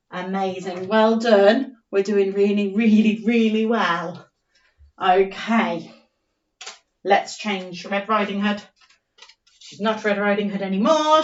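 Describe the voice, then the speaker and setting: A woman's voice: mid-range voice, roomy sound, far from the mic, lo-fi sound. A woman teacher reading a story to young children and sounding out letters in an online lesson. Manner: slow, sing-song story reading with phonics sounding out. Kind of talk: remote primary school story lesson.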